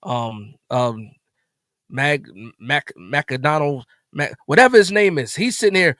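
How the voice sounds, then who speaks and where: A man's voice: on the high side, expressive, slow pace, fairly bright tone, no room sound, clean studio sound. A man hosting a live post-game reaction stream, upset and stammering with repeated words as he vents. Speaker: sports stream host.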